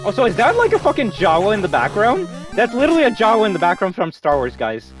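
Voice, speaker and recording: A young man live-streaming a fighting game, chatting casually with viewers, excitable and swearing often. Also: high voice, fast talker, far from the mic. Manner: excitable, swears often, reads chat aloud. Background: game music.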